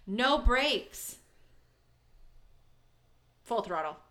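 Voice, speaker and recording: A woman's voice: fairly high pitch, very animated, sharp tone. A woman co-hosting a podcast in casual chat from a basement, playful and jokey. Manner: playful and chatty, quick to joke. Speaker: podcast co-host.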